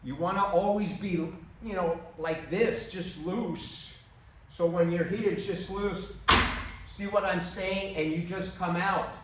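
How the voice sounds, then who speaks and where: A man teaching striking technique in a casual demonstration, loose and emphatic, punctuating moves with "boom" and "bam", recorded on a camera mic at a distance. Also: steady tone, takes it slowly, background noise. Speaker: martial arts instructor. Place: room, filmed on own camera. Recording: very echoey room, voice off-mic.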